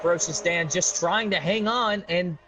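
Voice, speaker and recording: A man calling fast play-by-play on an online racing league stream. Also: high voice, background noise. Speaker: sim racing lead commentator. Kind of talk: live esports race commentary.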